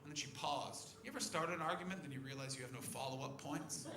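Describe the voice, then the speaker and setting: A male stand-up comedian on a comedy club stage, talking brashly and profanely and breaking into loud shouts. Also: a little high, fast, creaky, crowd noise. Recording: echoey club room with audience noise.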